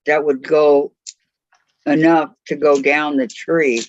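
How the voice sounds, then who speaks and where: A woman with a deep voice and flat, slow delivery chats casually over a video call while crafting from home during a class, often trailing off mid-thought. The call audio is dry and muffled.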